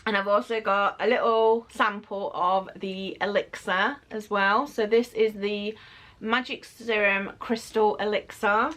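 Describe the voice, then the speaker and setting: Gushing woman, higher voice. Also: a little slow. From United Kingdom. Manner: gushing and excitable, with gasps and exclamations. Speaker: beauty vlogger. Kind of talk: casual unboxing vlog.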